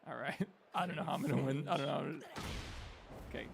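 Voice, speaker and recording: Gravelly man reacting to a laggy game. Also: a little high, quick pace, slight background noise. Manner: excitable, laughing reactions. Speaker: streamer playing a fighting game. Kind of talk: casual gameplay chat.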